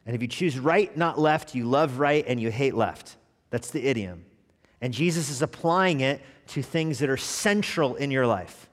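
Animated preacher in a reverberant church. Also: male voice, mid-range voice, moderate pace. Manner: animated preaching, dropping to quiet asides. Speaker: pastor. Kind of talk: sermon. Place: church sanctuary. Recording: long reverb of a church hall.

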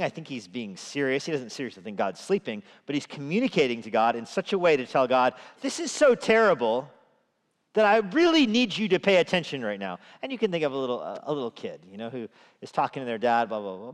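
Animated male preacher in an echoey hall. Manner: animated, rising in pitch and volume when quoting scripture. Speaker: pastor. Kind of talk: sermon. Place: church sanctuary. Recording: echoey church hall reverb.

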